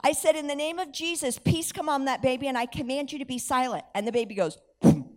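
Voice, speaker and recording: A woman preaching, telling a story with lively acted-out dialogue and self-amused laughter. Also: high voice, quick pace. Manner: animated, acts out dialogue, laughs at herself. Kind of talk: sermon storytelling.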